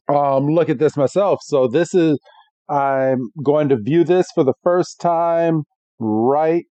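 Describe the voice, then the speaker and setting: A man's voice: fairly high pitch, dark tone, dry recording. A man co-hosting a podcast, chatting casually and describing a preview he is watching for the first time. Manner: slow, laughs easily, narrates while watching. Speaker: podcast co-host. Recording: dull, dry lo-fi mic.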